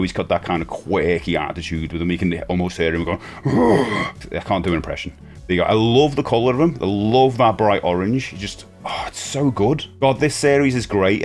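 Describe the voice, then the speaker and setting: A man, chatting casually and enthusiastically while unboxing a collectible toy, rambling with frequent restarts. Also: low-pitched. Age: 40s.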